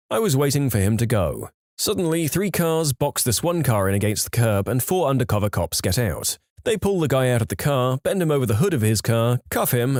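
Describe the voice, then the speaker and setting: Lively male story narrator, dry sound. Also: dry recording. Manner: lively storytelling, varied pitch. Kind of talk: reading stories aloud.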